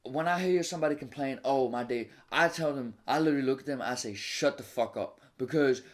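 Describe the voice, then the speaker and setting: A man's voice: mid-range voice, quick pace. A man who works as a cook, a podcast guest, ranting indignantly and swearing in casual talk. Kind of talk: casual conversation.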